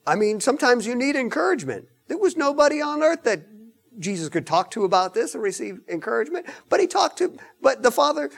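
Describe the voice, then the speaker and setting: High-voiced man preaching emphatically. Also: fairly quick, creaky. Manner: animated and emphatic, with joking asides. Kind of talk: sermon.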